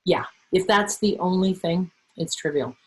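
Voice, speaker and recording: Lively husky woman presenting a webinar. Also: fairly low pitch, measured pace, poor audio. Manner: lively, conversational, acts out quoted voices. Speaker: webinar presenter on workplace bullying. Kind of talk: webinar talk.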